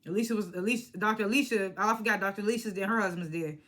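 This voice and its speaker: A young woman vlogging a casual reality TV recap, animated and slangy, laughing as she acts out what the cast said. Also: mid-range voice, very fast. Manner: animated, laughing, slangy retelling with acted-out quotes. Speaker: reality TV reviewer.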